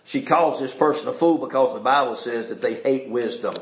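A man preaching a sermon, calling out to the congregation and asking them questions, swinging between shouting and quiet asides. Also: medium pitch, a little fast, reverberant, slight background noise. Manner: fervent, calls out to the congregation and asks them questions.

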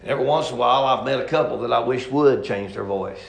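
A man preaching a sermon in a folksy drawl, his delivery swinging between easy talk and loud shouting. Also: medium pitch, fast talker, creaky, roomy sound, heavy background noise.

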